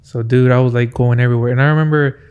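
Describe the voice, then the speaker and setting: A man's voice: medium pitch, quick pace, clear, resonant tone, narrow, tinny audio. Casual man telling a profane story. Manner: profane, animated anecdote telling. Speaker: podcast co-host.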